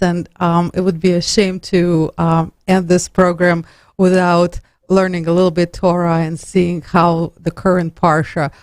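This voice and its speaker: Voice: mid-range voice, no echo. A radio show host interviewing a rabbi, asking polite questions with hesitant fillers.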